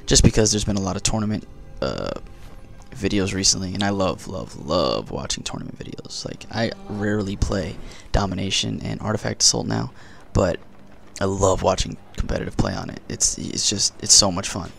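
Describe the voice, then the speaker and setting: A man's voice: deep voice, animated, moderate pace, creaky, fairly bright tone. A man doing casual gameplay commentary in a just-woken morning voice, chatty and rambling with self-mocking jokes. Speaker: gaming commentator.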